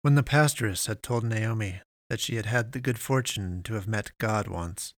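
A man narrating a science fiction story in a measured, deliberate way with long pauses. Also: lowish voice, dry recording, studio quality.

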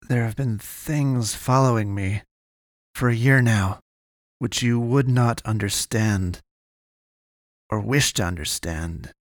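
A man reads a wounded werewolf in human form, slumped and dying, muttering with weary scorn in a low, slow storybook voice. He sounds worn out and bitter. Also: no room sound, clean studio sound.

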